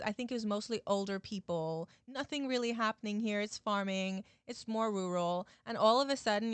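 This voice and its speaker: Woman vlogger, chatty storytelling recap, middle pitch, dry close sound. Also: a bit bright, dry recording. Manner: chatty, addresses viewers, many "like" fillers. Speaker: YouTube host.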